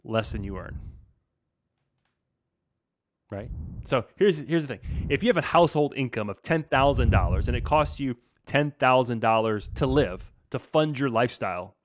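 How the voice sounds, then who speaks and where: A man hosting a casual podcast as a financial planner, talking in an energetic, laid-back way full of slang. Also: mid-range voice, moderate pace, a little hiss or hum.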